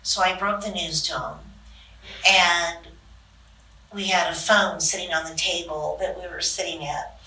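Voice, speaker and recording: An older woman, a guest on an interview show, telling stories in a lively way and acting out the people she quotes. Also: on the low side, measured pace. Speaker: interview guest, longtime aide. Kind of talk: anecdotal storytelling in conversation. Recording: echoey room, distant mic.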